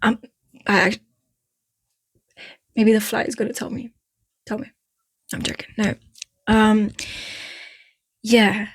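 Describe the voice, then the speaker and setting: A woman's voice: mid-range voice, little pitch movement, slow pace, pauses often, slightly rough, dry recording. A woman with an Eastern European accent giving frank, chatty breakup advice in a casual vlog, drifting off topic and laughing at herself. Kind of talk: casual direct-to-camera talk.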